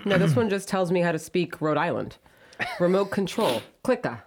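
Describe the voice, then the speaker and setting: A woman from South Florida in a relaxed chat, laughing often and spelling words out letter by letter. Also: lowish voice, moderate pace, a little hiss or hum. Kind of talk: casual chat.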